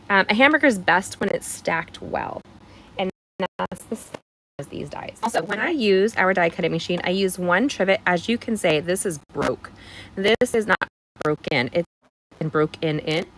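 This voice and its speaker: A woman's voice: fairly low pitch, background noise. A woman hosting a live card-making demonstration, chatting playfully with her viewers and greeting them by name as she works. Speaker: crafting livestream host.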